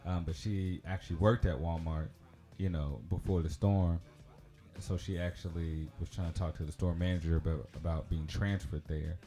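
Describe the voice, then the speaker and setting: A low-voiced man with a twang rambles through a personal story on a casual podcast. His voice is dark and mellow, and he fills it with ums and likes. Faint background music sits behind him. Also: fairly even intonation, moderate pace. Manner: rambling, chatty, laughs often, lots of fillers. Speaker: podcast host.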